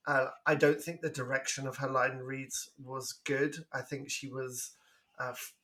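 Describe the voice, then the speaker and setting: A man co-hosting a movie podcast, blunt and animated in casual chat. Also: medium pitch. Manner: blunt and animated, quick to react. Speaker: podcast co-host.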